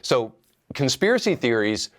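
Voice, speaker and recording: A man hosting a commentary show, measured and argumentative as he reacts to clips. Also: medium pitch, big pitch swings, fairly bright tone. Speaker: host.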